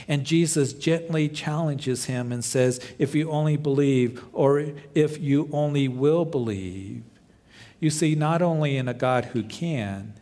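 A man's voice: mid-range voice, a little mellow. Impassioned male preacher with a swelling voice. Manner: impassioned preaching, voice swelling and dropping, quotes scripture dramatically. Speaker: pastor. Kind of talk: sermon.

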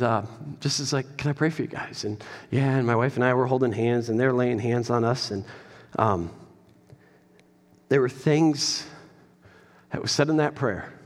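Animated pastor preaching in a reverberant hall. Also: male voice, a little high. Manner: animated storytelling, acts out quotes. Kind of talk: sermon.

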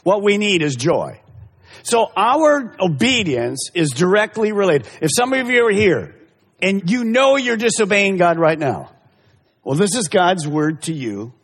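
Male pastor, husky tenor, sweeping animated delivery, emphatic sermon in a reverberant church. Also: sits high, a little slow. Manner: emphatic, repeats key phrases, addresses congregation directly. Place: church service. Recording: echoey hall reverb.

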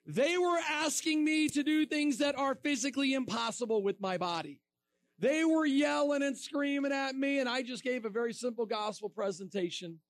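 A man preaching to a room of students, telling a story with lively acted-out quotes and bursts of laughter. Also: extremely high pitch, moderate pace. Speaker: evangelist speaking to students. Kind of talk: storytelling sermon.

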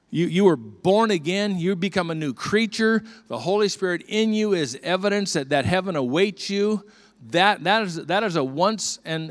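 An older man preaches in an earnest, conversational way, often restarting his phrases. His voice sits a little higher than most men's. He sounds like a pastor talking plainly to his congregation. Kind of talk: sermon.

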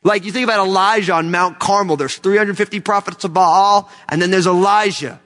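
A man's voice: sits high, steady tone, fairly quick, fairly bright tone, faint music behind. A man from the United States preaching a sermon, emphatic and fervent, with many rhetorical questions. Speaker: pastor. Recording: long hall reverb.

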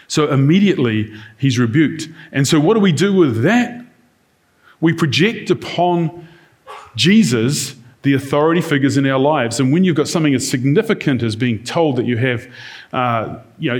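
A man's voice: mid-range voice, animated, moderate pace. Conversational male preacher. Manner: conversational, acts out quoted lines in varied tones. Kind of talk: sermon.

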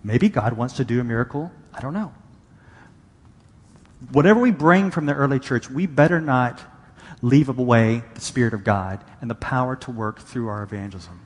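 A man's voice: mid-range voice, normal speed. Man preaching in a reverberant hall. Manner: conversational preaching, quoting scripture with emphasis. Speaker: pastor. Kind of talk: sermon.

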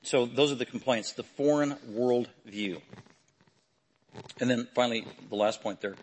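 Husky-voiced man preaching emphatically. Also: medium pitch, normal speed. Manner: emphatic, building to loud forceful proclamations. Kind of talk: sermon.

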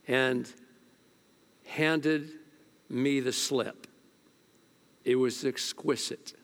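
Man, pastor, sermon, storytelling, hushed to loud, church service. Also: mid-range voice.

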